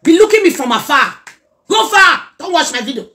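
A middle-aged Nigerian woman chatting casually in a reaction vlog, animated and scolding by turns. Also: sits high, brisk. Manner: animated, mixes pidgin and Yoruba, scolding asides. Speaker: social media commentator.

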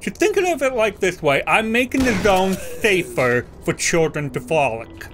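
Brief: jumpy male let's-player, high lively voice that swings all over, game music underneath. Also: moderate pace. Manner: excitable, gasps and yelps, talks to game enemies. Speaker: let's play gamer. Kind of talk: casual gameplay commentary.

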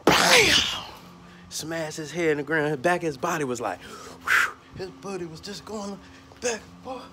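A man from Georgia tells an outdoor story with plenty of energy, tripping over repeated words as he acts out what happened. His voice sits high for a man and rises and falls widely as he goes. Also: brisk, background noise. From Atlanta, Georgia. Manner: animated, stumbling repeats, acts out bits. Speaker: lawn care worker filming a vlog. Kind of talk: casual storytelling. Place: outdoors by a carport.

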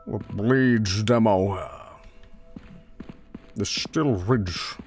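A man streaming a game casually, rattling off game blurbs quickly and breaking into goofy high squeals. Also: a little mellow, soft background music. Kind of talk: casual live-stream commentary.

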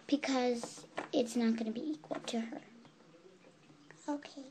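A child voicing a fussy female pet camp counselor in a toy role-play video, halting with ums. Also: medium pitch, steady tone, noisy background, natural voice. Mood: bossy. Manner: fussy, calls campers honey, halting with ums.

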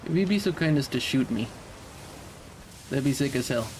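A man's voice: mid-range voice, animated, normal speed, a little mellow, a little hiss or hum. A young man streaming a video game, casually commenting and playfully talking to the enemies on screen. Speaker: let's play streamer.

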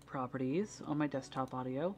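A woman's voice: extremely low pitch, moderate pace, a little mellow, slight background noise. A young woman with a Midwestern accent and a slight speech impediment, chatting frankly on a casual stream and swearing freely. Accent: Midwestern American.

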